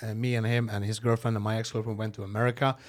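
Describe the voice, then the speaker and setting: A Norwegian man with a slightly low voice chats loosely as a podcast guest. He speaks with a Norwegian accent, laughs a lot, and trips over his words, repeating and restarting as he goes. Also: flat delivery, very fast. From Norway. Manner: laughs often, stammers and restarts, breaks into silly voices. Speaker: comedian guest. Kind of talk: casual podcast conversation.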